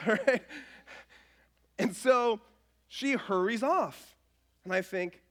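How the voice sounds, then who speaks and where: A man in his thirties preaching a casual, self-mocking sermon with stories, dropping to a soft voice when quoting others. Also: extremely high pitch, slow pace, pauses often. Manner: animated, self-mocking, drops to soft voice for quotes. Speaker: pastor. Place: church stage.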